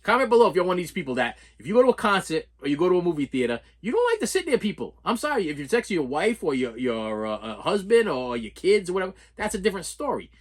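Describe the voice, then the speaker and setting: Middle-aged male vlogger, slightly high-pitched, animated storyteller who laughs a lot and repeats himself. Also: fast talker, hardly any pauses. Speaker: vlogger unboxing movies. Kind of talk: casual storytelling vlog.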